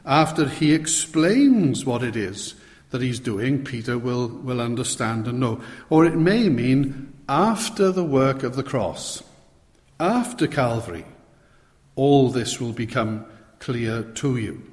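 A man preaching a sermon in a slow, deliberate way, often turning to the listeners with rhetorical questions. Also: mid-range voice, animated, a little mellow, big-room sound.

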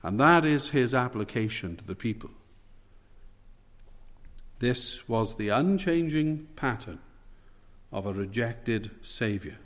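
A man's voice: medium pitch, lively intonation, takes it slowly, pauses often, a bit bright. A man preaching an expository sermon, emphatic, quoting scripture and stressing key words by lifting and dropping his voice. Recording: long hall reverb.

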